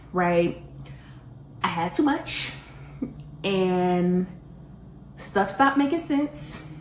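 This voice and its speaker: Animated woman telling a storytime vlog. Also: medium pitch. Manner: animated and self-mocking, laughing often, dramatic pauses. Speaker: vlogger telling a personal story. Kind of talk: casual storytime monologue. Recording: roomy echo, faint background hiss.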